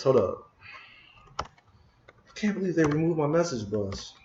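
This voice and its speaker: A man hosts a casual coding screencast, talking slowly and muttering to himself in frustration as he hunts for something. His voice sits in a roomy space and comes through a bit dull. Keyboard clicks and typing come and go behind him. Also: a little high, sing-song, darkish tone, slight background noise. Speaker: programming screencast host. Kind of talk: casual live coding talk. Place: room at a computer.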